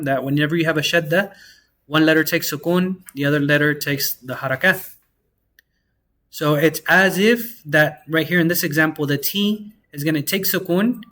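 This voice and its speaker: Young male teacher, casual and relaxed, voice a touch high, spells out sounds slowly. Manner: relaxed, slangy, slows down to sound out words. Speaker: Arabic teacher. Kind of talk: casual online class.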